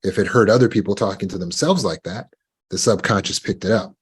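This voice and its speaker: Self-help speaker, male, husky low voice, measured delivery with rhetorical questions. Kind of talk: motivational talk.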